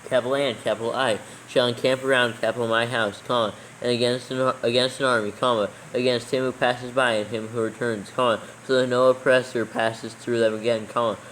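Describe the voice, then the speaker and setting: A man reading a text aloud slowly for proofreading, calling out every comma, period and capital letter. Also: medium pitch, level tone, fairly bright tone, a little hiss or hum, poor audio. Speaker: reader dictating text for proofreading. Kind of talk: slow dictation with punctuation read aloud.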